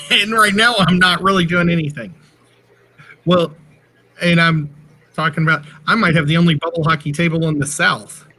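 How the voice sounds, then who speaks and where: A man's voice: fairly high pitch, steady tone, moderate pace, long pauses, pushed and bright. A middle-aged man co-hosting a livestream, telling rambling stories in casual chat. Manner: rambling, chatty storyteller. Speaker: livestream co-host.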